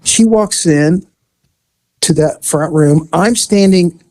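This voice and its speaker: A man and former police officer, telling a story in a casual, animated way and acting out the voices in it. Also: on the high side, takes it slowly, no echo. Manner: animated, acts out voices in his stories.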